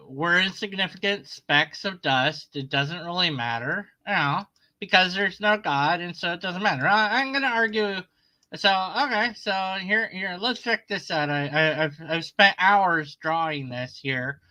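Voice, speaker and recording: Bright-voiced sarcastic man telling a story. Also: high-pitched, low-quality recording. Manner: sarcastic, mocking voices in his retelling. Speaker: commentator. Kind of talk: casual storytelling commentary.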